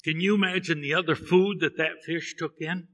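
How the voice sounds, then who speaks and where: A man's voice: on the high side, fairly even intonation, moderate pace, fairly bright tone, big-room sound. A man preaching a sermon in a church, telling a Bible story and acting out the characters' lines. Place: church sanctuary.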